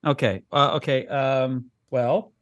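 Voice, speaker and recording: A man's voice: mid-range voice, takes it slowly, a bit bright, dry recording, lo-fi sound. Exasperated straight-man podcast host. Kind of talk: casual comedic chat.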